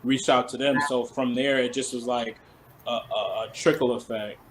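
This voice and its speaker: A man's voice: medium pitch, steady tone, moderate pace, a crowd in the background, poor audio. A man who works as a celebrity stylist, talking casually in an interview, rambling and filling his story with "like.". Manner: rambling, full of "like" fillers.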